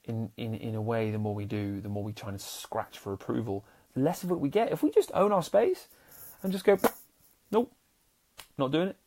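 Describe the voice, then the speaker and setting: A man with a fairly low voice, big pitch swings and a brisk pace hosts a casual motivational podcast as a happiness coach. He speaks earnestly and restarts often, alternating loud bursts with soft, sincere stretches. He swears casually and calls his listeners warriors.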